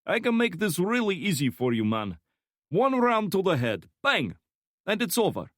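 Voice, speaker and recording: A man's voice: sits high, wildly swooping pitch, moderate pace, a bit bright, dry recording, clean studio sound, pitched above the performer's own voice, full character voice. A male narrator voicing a wiry, jovial Slavic torturer with a heavy Slavic accent who masks threats with friendly banter. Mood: menacing.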